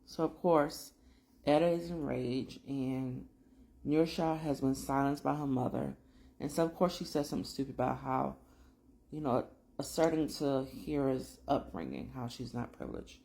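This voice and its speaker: A woman giving a chatty, slangy recap of a TV episode, full of asides and quick storytelling. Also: very deep voice, vocal fry, dark tone. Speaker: drama recap vlogger.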